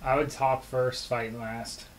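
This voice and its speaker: A man's voice: medium pitch, flat delivery, takes it slowly. A man playing a tabletop game, easygoing and joking. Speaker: player. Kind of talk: casual tabletop play.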